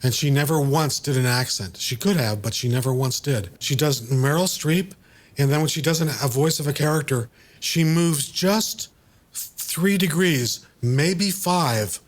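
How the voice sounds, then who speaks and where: A man, the writer of the piece, giving script notes in a discursive, halting way with many fillers, over a video call. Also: fairly high pitch. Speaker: writer and director.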